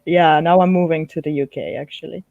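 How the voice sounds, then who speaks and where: A woman's voice: sits low, fairly even intonation, a little fast, vocal fry, no echo, narrow, tinny audio. A woman with a Slavic accent chatting casually as a guest on a video call, laughing often.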